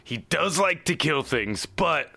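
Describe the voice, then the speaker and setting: A man's voice: fairly high pitch, expressive, takes it slowly, vocal fry, bright, forceful tone, slightly rough, dry recording, voice pushed up, heavily acted. A man voicing a fussy, flustered gnome wizard who keeps pleading and stammering on his helpers' behalf.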